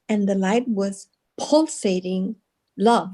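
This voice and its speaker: A woman from Guatemala speaks as an interview guest and tells a personal story in an earnest, unhurried way, laughing often and restarting her sentences. Her voice sits at a middle pitch and has a mellow, warm tone. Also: steady tone.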